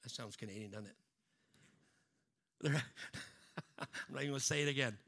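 A man preaching a sermon, swinging from loud emphatic lines down to low, hushed ones. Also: very animated, a little fast, pauses often. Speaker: pastor.

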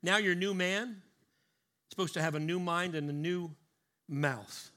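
Preaching emphatically, a male pastor slows to weigh key words and gets the congregation to repeat lines after him. His voice sits high and sounds pushed and bright.

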